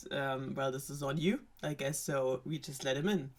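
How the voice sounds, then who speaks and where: A woman's voice: very deep voice, fairly even intonation, normal speed, pitched below the performer's own voice. Offhand shrugging king, as a woman plays him. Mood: dismissive. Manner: shrugging, matter-of-fact. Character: offhand, unbothered old king father.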